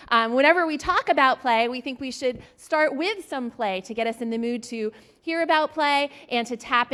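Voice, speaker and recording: A woman introducing a panel talk in a relaxed way, with a few ums. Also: a little high. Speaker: museum vice president opening a panel.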